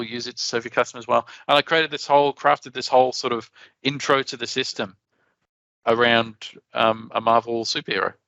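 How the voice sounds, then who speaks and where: Aussie bloke presenting at a conference, chatty, keeps restarting, crisp bright voice, kinda dull dry recording. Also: male voice, mid-range voice, no echo. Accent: Australian. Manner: chatty, animated, frequent restarts. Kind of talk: conference talk.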